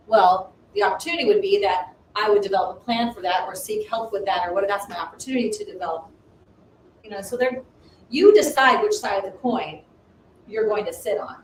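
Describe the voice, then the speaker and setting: A woman minister and business coach in casual spiritual chat, animated and acting out inner voices. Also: mid-range voice, moderate pace. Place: home livestream. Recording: roomy, distant mic, faint noise.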